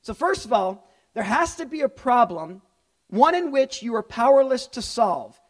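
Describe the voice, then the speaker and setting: A middle-aged male pastor preaching a lively sermon, often acting out the voices of people in the story. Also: very high voice, brisk.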